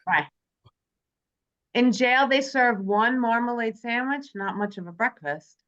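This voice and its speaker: A woman's voice: a little high, unhurried, a bit bright. A woman hosting a casual movie club chat, reading from her notes and joking with friends. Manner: chatty, jokey, reads from prepared notes. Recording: dull lo-fi sound.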